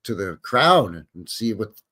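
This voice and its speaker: A man's voice: fairly low pitch, big pitch swings, a little slow, bright, forceful tone. Rambling, wry man hosting. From Canada. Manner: rambling, wry, skeptical, joking asides. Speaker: host of a live stream show. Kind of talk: live stream commentary, reading articles aloud.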